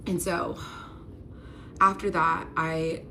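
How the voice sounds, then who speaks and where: Low-voiced young woman telling a storytime. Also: level tone, takes it slowly, background noise. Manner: candid, confessional, gets emotional. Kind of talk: emotional storytime.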